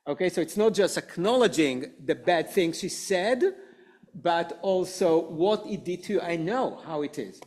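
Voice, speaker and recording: Animated, slow-talking male teacher. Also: on the high side. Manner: animated, acts out quoted excuses. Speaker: adult education teacher. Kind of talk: classroom lecture. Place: synagogue classroom.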